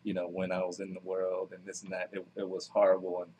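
Guest, male 30s, New Jersey accent, very low voice, earnest, faint room noise. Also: monotone, darkish tone, low-quality recording. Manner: earnest, measured, many fillers. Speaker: guest, author and minister. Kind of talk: casual interview.

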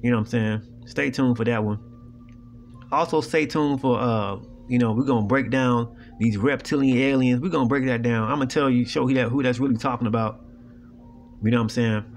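A man with a mid-range, fairly even voice hosts a video, talking a little fast while faint music runs behind him. Addressing viewers directly in a casual monologue, he is blunt, preachy and profane, often tossing in "you know what I'm saying".

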